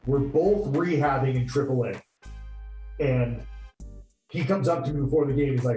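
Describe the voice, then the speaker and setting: A man in his thirties, a former pitcher, telling lively anecdotes in a casual interview and acting out the quotes. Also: moderate pace, long pauses. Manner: animated, spins anecdotes with voiced quotes. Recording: echoey room with faint music.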